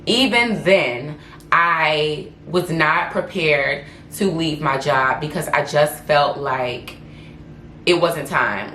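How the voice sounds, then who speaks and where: Low-voiced woman telling a candid personal story. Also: bright, forceful tone, a little hiss or hum. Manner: candid, emotional, restarts often. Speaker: lifestyle blogger and influencer. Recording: echoey room with faint ambience.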